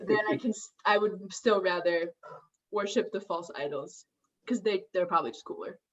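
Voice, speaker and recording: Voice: medium pitch, moderate pace, fairly bright tone, muffled recording. A comedian doing debate banter in an offhand, giggly way.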